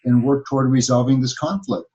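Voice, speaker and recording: Steady explaining man, dull-sounding recording. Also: medium pitch. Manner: measured, explanatory, with fillers. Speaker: couples therapist. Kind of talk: casual advice chat.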